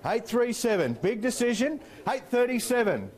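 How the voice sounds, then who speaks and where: An Australian man working as an auctioneer, calling bids in a rapid rhythmic patter with playful banter to the bidders. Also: very high-pitched, very animated. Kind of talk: live property auction calling.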